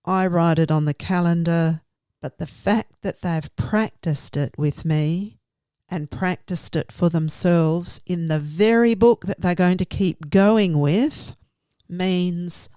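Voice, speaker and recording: A woman's voice: lowish voice, slow, warm tone, clear, resonant tone, no echo, clean studio sound. A woman teacher explaining her classroom methods in a reflective, step-by-step way. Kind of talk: professional conversation about teaching.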